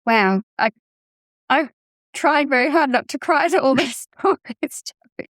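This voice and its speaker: A woman's voice: high voice, animated, measured pace, a bit bright, no echo, clean studio sound. A woman hosting a podcast interview. She reacts effusively and emotionally to her guest. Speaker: podcast host. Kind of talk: warm interview wrap-up.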